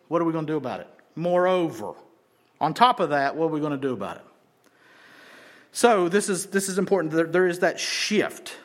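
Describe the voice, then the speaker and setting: A man with a notably high voice preaches an expository sermon. He talks emphatically, repeats phrases to drive points home, and stretches out the words he wants to stress. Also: a bit bright. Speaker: pastor.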